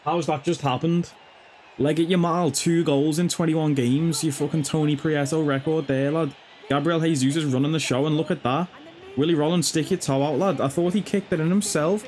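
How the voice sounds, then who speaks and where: Young man, excitable gaming commentary, sweary, slightly high voice. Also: normal speed, slight background noise. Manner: excitable, swears freely, shouts at the game. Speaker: gaming YouTuber. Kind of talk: excited live gameplay commentary.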